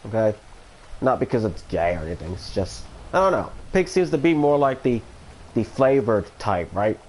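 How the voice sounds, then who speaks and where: A man's voice: lowish voice, big pitch swings, moderate pace, darkish tone, a little hiss or hum. Brief: man, casual streamer, meandering, full of fillers and restarts. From Florida. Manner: rambling and hesitant, many fillers and restarts. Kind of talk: casual livestream chat.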